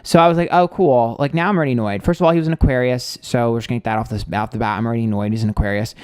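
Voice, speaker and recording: A man's voice: medium pitch, steady tone, racing, a little mellow, smooth, no echo, studio quality. A young man hosting a tarot livestream, telling a date story in a blunt, sarcastic, gossipy way with plenty of fillers. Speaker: tarot reader and livestream host.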